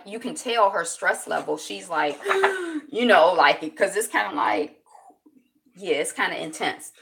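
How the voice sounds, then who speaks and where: A woman talks through a TV episode as a casual vlog recap. Her voice is bright and forceful. She tells the story in an animated, chatty way with plenty of fillers. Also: medium pitch, vocal fry, slight background noise.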